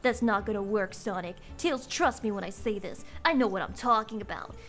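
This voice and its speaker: A woman voicing a brooding, edgy male hedgehog from a webcomic, in a low, blunt, gruff delivery. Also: normal speed, fairly bright tone, faint music behind, close to an everyday voice. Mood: grim.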